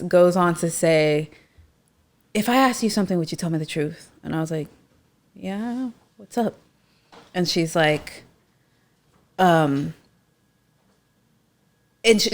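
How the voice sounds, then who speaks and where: A woman in her thirties co-hosting a podcast, telling a story in an expressive, casual way. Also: lowish voice. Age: 30s. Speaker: podcast co-host. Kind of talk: casual chat.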